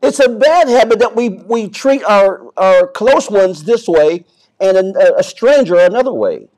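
A man preaching a sermon as pastor, swinging from soft to loud and often repeating and restarting words. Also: sits high, animated, a little slow.

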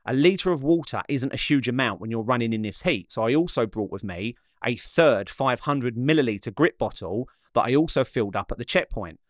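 A man tells the story of his run in a calm, mid-pitched voice-over. The recording is close and dry with no room sound. His delivery is measured, with a slight dramatic lift. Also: no echo. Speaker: vlogger narrating his own run. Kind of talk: reflective voice-over narration.

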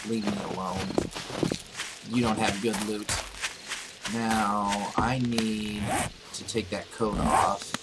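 A man casually commentating on a survival game as he plays, excitable and talking back to the enemies on screen. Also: on the low side, slow, pauses often, heavy background noise. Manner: excitable, talks to the game's enemies. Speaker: gameplay commentator. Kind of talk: casual let's-play commentary. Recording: loud game music under the voice.

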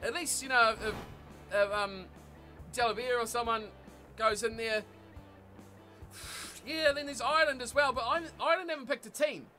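Young NZ male streamer, very high, crisp voice, excitable live commentary. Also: moderate pace, long pauses, faint music behind. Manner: chatty, excitable outbursts, frequent laughs. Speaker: game streamer. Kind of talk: live gameplay commentary and chat with viewers.

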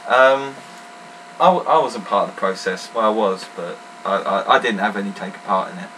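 A young man hosting casual let's-play commentary, joking and swearing in loud outbursts while he games. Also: lowish voice, brisk. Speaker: gaming channel host. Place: room at home, recording while gaming. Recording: distant mic with faint noise.

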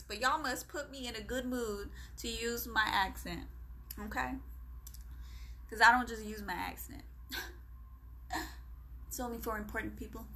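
Bright-voiced flirty woman on a livestream. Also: fairly high pitch, a little slow, long pauses. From Philippines. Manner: flirty and teasing, often dropping to a hushed voice. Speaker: livestream host. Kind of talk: casual live-stream chat, reading comments aloud.

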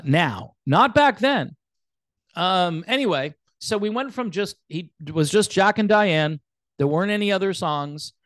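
A man's voice: fairly high pitch, fairly bright tone, no echo. A man hosting a casual commentary show, talking in a sarcastic, mocking way. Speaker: host.

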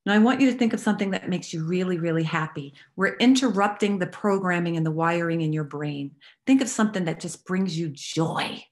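Woman softly guiding a tapping exercise. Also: on the low side, brisk, few pauses. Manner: calm instructive guiding, repeat-after-me phrasing; affirming, uplifting delivery. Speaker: recovery workshop facilitator.

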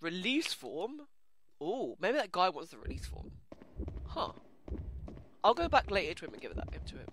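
A young adult with an English accent giving casual commentary on a horror game, easily startled into screaming and then chatting softly with viewers. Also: medium pitch, big pitch swings, normal speed, long pauses. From England. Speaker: let's play gamer. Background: game music.

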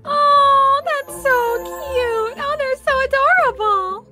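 A woman voicing a cheerful teacher figure in a squeaky, sing-song voice for a game roleplay. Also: slow pace, loud music behind the voice. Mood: delighted.

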